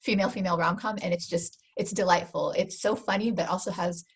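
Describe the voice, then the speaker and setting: Husky-voiced woman in her forties. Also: on the low side, fairly even intonation. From United States. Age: 40s. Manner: warm, enthusiastic, talks in quick restarts. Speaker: author guest. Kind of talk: casual interview chat.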